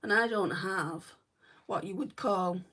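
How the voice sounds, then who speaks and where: Doing her makeup on a livestream, a beauty vlogger from northwest England rambles casually in a northern accent, peppering her talk with "right" and "like". She speaks slowly in a mid-range, slightly bright voice, far from the mic.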